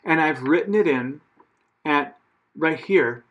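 A choir director gives patient spoken notes during rehearsal, full of fillers and self-corrections. His voice is a little high and a bit bright, his pace slow, and the audio dull.

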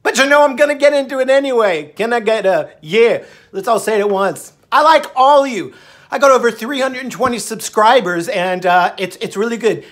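A man's voice: extremely high pitch, animated, moderate pace, a bit bright. A middle-aged man talking casually to camera in a rambling, upbeat way, now and then breaking into song. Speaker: vlogger. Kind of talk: casual talk to camera, with bits sung.

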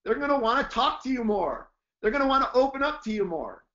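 A man's voice: very high-pitched, lively intonation, brisk, fairly bright tone, lo-fi sound. A man teaching a sales class, talking emphatically and acting out sample praise lines for phone calls. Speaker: sales trainer. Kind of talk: training lecture with demo lines.

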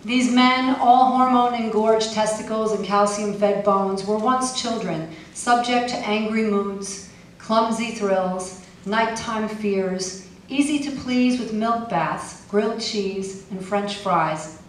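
A woman poet reads live at a poetry festival in a medium-pitched voice, taking it slowly. Her delivery is wry and pointed, with offhand remarks between poems. The recording has a little hiss or hum, a distant mic, room echo and faint ambience.

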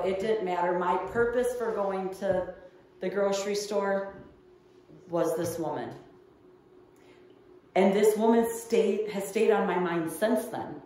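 A woman's voice: medium pitch, slow pace, pauses often, dark tone. A woman pastor delivering a midweek sermon, telling a personal story in an earnest, storytelling way. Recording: echoey room heard from far off.

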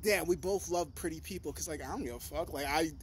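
A young man vlogging in a rambling, profane, animated monologue. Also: fast, a little hiss or hum. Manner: talks in a high sing-song to his dog.

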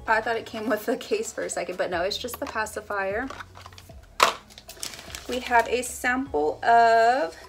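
A woman's voice: fairly high pitch, creaky. A young woman chatting casually as she unboxes baby samples for a family vlog, giggling now and then. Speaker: family vlogger.

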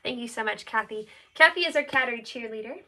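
Upbeat woman host, crisp bright voice, a bit high, casual phone-mic stream in a shelter room. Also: fast. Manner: giggly, chatty, thanks viewers by name. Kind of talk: casual livestream chat. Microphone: phone held in hand.

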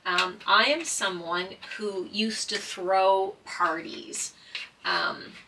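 A woman and former paramedic talking casually and earnestly while doing a jigsaw puzzle, halting with many fillers and holding back tears. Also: medium pitch, pushed and bright, recorded from a distance, slight background noise, poor audio.

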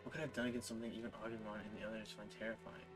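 Over game music, a man does laid-back let's-play commentary, often laughing and sounding exasperated. His voice is fairly low and fairly flat in pitch, and he talks at a racing speed.

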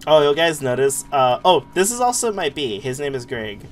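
Jumpy, lively male game streamer. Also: fairly high pitch, normal speed, few pauses, slight background noise. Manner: jumpy, yelps and laughs, swears, chats with viewers. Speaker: streamer playing a horror game. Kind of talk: casual live-stream commentary.

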